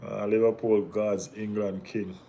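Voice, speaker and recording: A Jamaican man hosting a casual football watch-along stream, bantering with viewers in relaxed Caribbean slang. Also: fairly low pitch, measured pace, vocal fry, a little hiss or hum. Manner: laid-back banter with Caribbean slang, bursts of excited teasing. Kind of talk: casual live-stream chat reading viewer comments.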